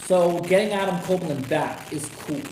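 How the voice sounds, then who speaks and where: A man with a fairly high voice rants freely on a live stream, cursing in nearly every line and wandering from point to point. He keeps jumping into loud, excited shouts. The room sounds echoey, and steady noise runs underneath. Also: moderate pace. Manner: profane, rambling, excitable outbursts. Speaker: wrestling commentary streamer. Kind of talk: casual live stream rant. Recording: echoey room with noisy background.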